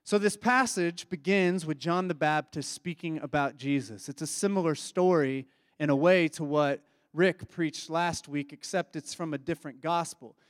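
A man with a high voice delivers a sermon in a relaxed, conversational way. He reflects aloud and keeps putting questions to his listeners. The sound is dry and close, with no room echo. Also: moderate pace. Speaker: preacher.

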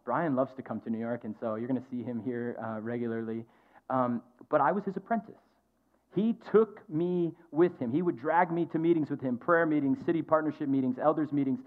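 A pastor in his thirties giving a conversational, earnest sermon to his church. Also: mid-range voice. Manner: conversational, earnest storytelling with filler ums. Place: church stage. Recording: tinny phone-like sound.

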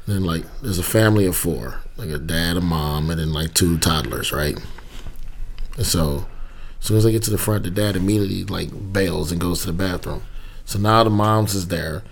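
A man in casual chat telling an animated, profane story. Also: deep voice, moderate pace, gravelly, a little hiss or hum. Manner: mimics people in voices while telling stories.

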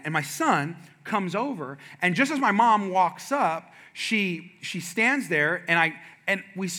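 A middle-aged man preaching a sermon, telling stories with humor and talking straight to the congregation. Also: high voice. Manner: animated, humorous, talks to congregation. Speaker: pastor. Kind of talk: sermon with storytelling.

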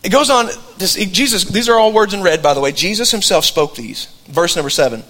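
A middle-aged male pastor delivers his sermon in a high, light voice. He tells it like a story, conversational and loose, often breaking off and restarting his sentences. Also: expressive, a little fast, bright, forceful tone.

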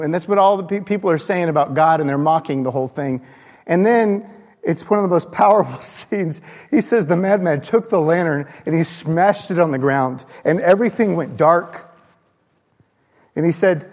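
A man preaching a sermon, impassioned, swinging from loud raised bursts to low hushed lines. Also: expressive, moderate pace. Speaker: pastor. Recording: long hall reverb.

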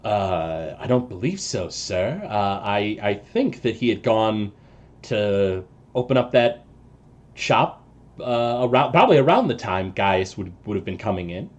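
A man's voice: lowish voice, animated, measured pace, lo-fi sound. A man voicing a nervous, formal male house servant in a tabletop game, speaking hesitantly and adding "sir" often. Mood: deferential.

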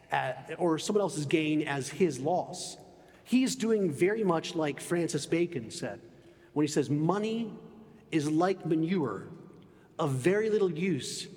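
A man preaching a sermon in an emphatic way, often dropping low and soft on key phrases. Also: big-room sound.

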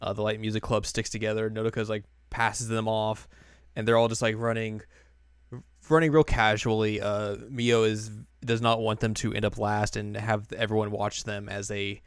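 A young man talks through an anime recap in a relaxed podcast chat, slipping into voices for the characters. His voice sits a bit low and sounds smooth, recorded close and dry. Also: normal speed, dry recording. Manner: animated storytelling, jumps into quoted voices. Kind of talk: casual chat.

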